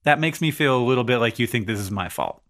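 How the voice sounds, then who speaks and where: Lively, laughing man co-host. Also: mid-range voice, fast talker. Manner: animated, laughing, earnest. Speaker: podcast co-host. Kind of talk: casual chat.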